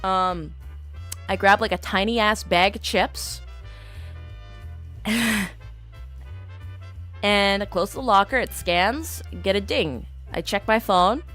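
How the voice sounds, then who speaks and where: Taking it slowly with long pauses, a young woman streamer with a mid-range voice tells an exasperated travel story, faint music in the background. She's casual but animated, acting out the dialogue of the people she ran into.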